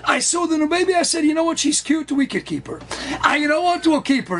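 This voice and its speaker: High-pitched animated storytelling rabbi. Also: male voice, fairly quick, a little hiss or hum. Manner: lively, acts out children's voices, sprinkles Hebrew and Yiddish terms.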